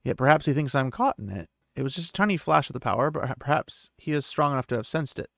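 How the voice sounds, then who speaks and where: A commanding sorceress lays out threats and warnings in a hard, precise voice, as a man puts her on. The sound is gravelly and dry, close to the mic. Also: mid-range voice, lively intonation, fast talker, a bit bright, dry recording. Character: stern, commanding woman sorceress.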